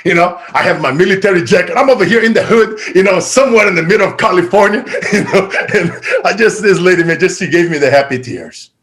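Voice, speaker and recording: A man giving a motivational keynote talk, energetic and swinging from loud to quiet and emotional. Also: high-pitched, quick pace. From Brazil. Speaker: keynote speaker.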